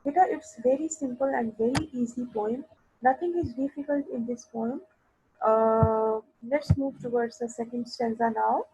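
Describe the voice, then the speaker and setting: A woman teaching an English literature class online, explaining a poem slowly and mixing Urdu phrases into her English. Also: fairly high pitch, dark tone, husky, low-quality recording. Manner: explains slowly, mixes Urdu into English, asks students for replies.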